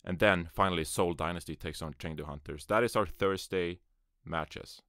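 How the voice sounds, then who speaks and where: Speaking at a moderate pace, this podcast host has a low voice with a fairly bright tone, and the audio is studio quality without any room sound. He's doing his first solo esports show from a small closet using a USB microphone, wandering casually through topics and making self-deprecating jokes.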